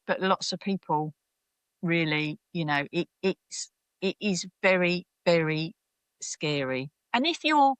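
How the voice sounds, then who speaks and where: A woman's voice: deep voice, no room sound. Candid woman recounting struggles. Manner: animated, acts out quoted voices, many restarts. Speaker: podcast guest. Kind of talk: candid personal storytelling.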